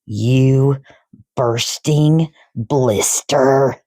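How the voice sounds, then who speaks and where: A woman voicing a bullying giant headmistress who barks insults slowly and with heavy emphasis. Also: low-pitched, animated, darkish tone, slightly rough, no echo, clean studio sound, full character voice. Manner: barking insults, slow and emphatic.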